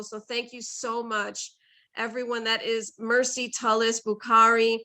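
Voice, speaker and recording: A woman hosting an online poetry reading over a video call, halting and effusive and stumbling over her words. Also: a little high, steady tone, bright, forceful tone. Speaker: event host.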